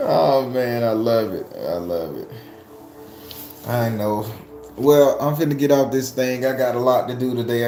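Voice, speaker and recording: A man talks casually to his viewers, loose and animated, swearing freely and laughing. His voice sits at a middling pitch but leaps up high when he gets heated. The room is echoey, with faint music underneath. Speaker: tarot reader and channel host.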